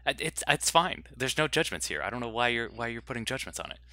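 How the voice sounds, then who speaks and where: A man co-hosting a movie podcast in casual chat, playfully defensive and animated. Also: medium pitch, fast talker, crowd noise. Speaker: podcast co-host.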